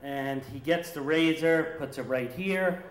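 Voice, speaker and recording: A man tells a funny personal story on stage, lively and animated. His voice sits a little above the usual male range. The sound carries a roomy hall echo. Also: a little high, unhurried. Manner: lively, animated retelling with acted quotes. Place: stage at a story slam event.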